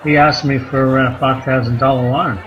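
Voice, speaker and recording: A man works through a stand-up set, his talk rambling and his punchlines dry. His voice sits at an everyday middle pitch. The live club recording carries clear crowd laughter and room noise around him. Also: normal speed, muffled recording. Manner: rambling, deadpan one-liners with crude asides. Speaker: stand-up comedian. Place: comedy club stage. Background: audience laughter and room noise.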